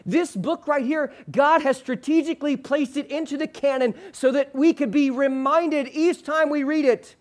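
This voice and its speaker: High-voiced male pastor preaching. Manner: preacher leading the congregation in call-and-response, slowing hard on the key phrase; drops low and soft at the ends of phrases. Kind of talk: sermon. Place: church sanctuary with a screen behind him.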